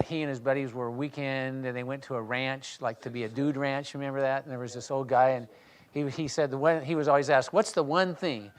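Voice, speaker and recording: A man leading a Bible study, reading scripture aloud and then talking it through in a conversational way, often restarting and clearing his throat. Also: medium pitch. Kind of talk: reading scripture and discussing it in a small group.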